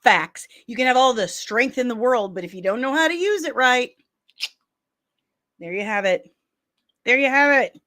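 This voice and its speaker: A woman's voice: a little high, lively intonation, normal speed, long pauses, a bit bright. Chatty, opinionated woman hosting a stream. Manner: candid, opinionated and playfully sarcastic. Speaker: host of a daily pop-culture chat show. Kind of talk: casual livestream chat, reading viewer comments.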